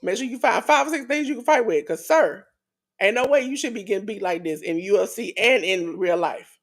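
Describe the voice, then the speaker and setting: A woman co-hosting a wrestling podcast, talking in an animated, emphatic way and laughing often. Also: mid-range voice, brisk. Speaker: podcast co-host. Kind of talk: casual wrestling chat.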